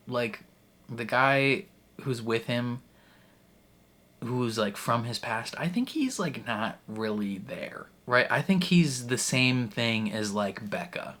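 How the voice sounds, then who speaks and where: A man's voice: medium pitch, a bit bright. A man in his late twenties hosting a reaction channel, talking through a TV episode in a rambling, heartfelt way with lots of fillers and restarts. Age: 20s. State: emotional, tearing up. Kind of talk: casual reaction commentary.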